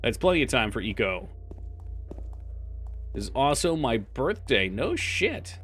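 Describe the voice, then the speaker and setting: A man's voice: medium pitch, unhurried, faint music behind. A man streaming a game live, chatting casually with his chat, swearing freely and now and then reading game text aloud. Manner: reads game files aloud in a flat voice.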